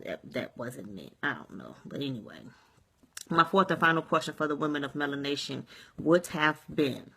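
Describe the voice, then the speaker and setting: A woman rants to her viewers in a bright, forceful voice. She rambles, circles back to the same points, tacks "you see what I'm saying" onto her thoughts and swears without a second thought. She talks from home at the close of her day. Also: rumbling low, creaky. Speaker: vlogger. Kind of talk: casual vlog rant. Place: at home at day's end, sage and candles burning.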